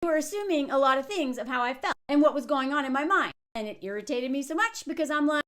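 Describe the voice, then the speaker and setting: A woman in her thirties giving casual, animated commentary on a reality show, often mimicking the people she quotes. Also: high voice, fast talker, hardly any pauses. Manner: animated, quoting others in mocking voices.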